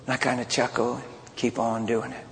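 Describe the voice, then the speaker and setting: A man preaching a sermon, mixing loud outbursts with hushed personal confessions as he tells a story. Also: mid-range voice, flat delivery, fairly quick, vocal fry, slight background noise. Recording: long hall reverb, faint ambience.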